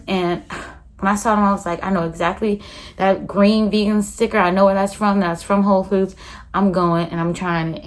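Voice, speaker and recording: A young woman chatting casually to her phone camera in a rambling vlog, full of fillers. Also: on the low side. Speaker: vlogger. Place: outdoors on a walk, then at home.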